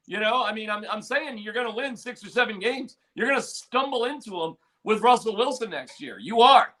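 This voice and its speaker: A man's voice: high-pitched, a little fast, bright, forceful tone. A male sports radio host arguing his opinions emphatically, repeating points for emphasis. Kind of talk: sports talk radio debate.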